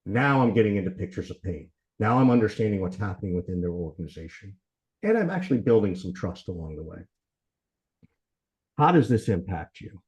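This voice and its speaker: A middle-aged man from Georgia giving a sales training talk, talking fast and conversationally, often tagging lines with "right?" and "you know" while acting out sales dialogue. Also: fairly low pitch, very animated, darkish tone. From Southern US, Georgia. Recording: slightly dull sound.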